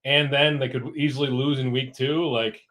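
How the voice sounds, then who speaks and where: A man's voice: mid-range voice, flat delivery, moderate pace, a bit bright. A man co-hosting a live sports chat, laid-back and hesitant, full of fillers. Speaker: co-host. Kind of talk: casual live show chat.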